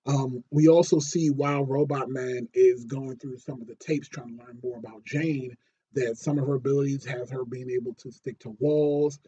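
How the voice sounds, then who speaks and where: A man's voice: medium pitch, fairly even intonation, moderate pace, dark tone, breathy edge, muffled recording. A man casually reviewing a TV episode, rambling with fillers and restarts and getting worked up when he retells scenes. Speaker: TV show reviewer.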